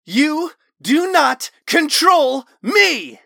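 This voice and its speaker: A man's voice: on the high side, animated, unhurried, a bit bright, no room sound, clean studio sound, pitched above the performer's own voice. A man doing a haunted, earnest rich young man. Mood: furious. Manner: impassioned, earnest. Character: troubled wealthy young man, haunted and intense.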